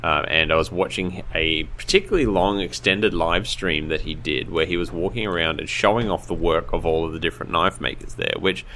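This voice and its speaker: A man co-hosting a podcast, telling a story in animated casual chat and laughing often. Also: deep voice, a little fast, hardly any pauses, a little hiss or hum. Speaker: podcast co-host.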